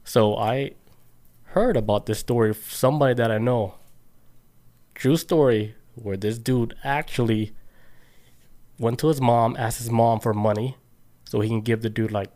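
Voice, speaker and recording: A man's voice: medium pitch, steady tone, normal speed, long pauses, warm tone. A man co-hosting a podcast, chatting casually and telling stories in loose, slangy talk with frequent laughs. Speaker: podcast co-host. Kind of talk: casual chat.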